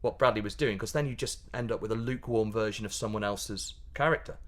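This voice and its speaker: The man is a pantomime comedian from Yorkshire, England, being interviewed casually as a guest. He talks fast in a fairly low voice, laughing and animated, often restarting what he's saying.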